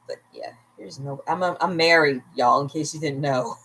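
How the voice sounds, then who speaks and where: A woman's voice: low voice, moderate pace, fairly bright tone, slight background noise, low-quality recording. A tipsy woman at home at bedtime, hosting a casual livestream where she rambles, laughs often and makes chatty asides to her viewers. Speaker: vlogger, livestream host.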